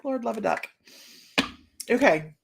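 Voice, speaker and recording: A woman's voice: a little high, animated, unhurried, vocal fry, slight background noise. A woman in her fifties, a psychic reader hosting a live stream, chatting casually with her viewers, laughing often and playfully talking straight to them. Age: 50s.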